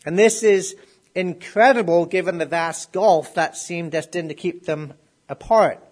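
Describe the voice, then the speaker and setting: A man's voice: sits high, unhurried. A middle-aged man preaching a sermon. He asks the congregation questions and builds up to emphatic declarations.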